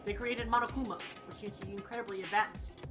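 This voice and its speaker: A woman's voice: mid-range voice, steady tone, fast, lightly acted. A woman voicing a cold, arrogant rich young man who talks down to everyone. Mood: condescending. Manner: condescending, clipped. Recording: game music behind.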